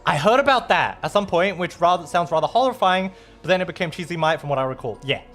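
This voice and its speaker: Lively high-voiced Aussie man chatting. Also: quick pace, faint music behind. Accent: Australian. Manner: rambling, playful, swears casually. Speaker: streamer. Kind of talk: casual chat reading viewer messages.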